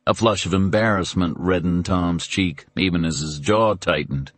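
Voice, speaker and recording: A man narrating a novel in measured, expressive scripted reading on a close studio microphone. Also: deep voice, no echo, soft background music. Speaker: audiobook narrator.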